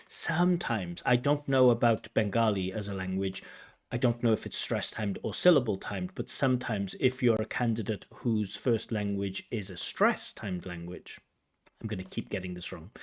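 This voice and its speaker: A man's voice: fairly low pitch, slightly rough. A man working as an IELTS examiner, giving spoken feedback on a candidate's answers in a corrective, explanatory way. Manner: explanatory, corrective, pauses to replay and comment.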